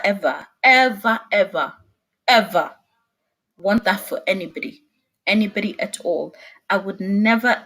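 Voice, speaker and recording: A young woman speaking as a guest in a casual video-call interview, expressive and laughing often. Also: mid-range voice, husky.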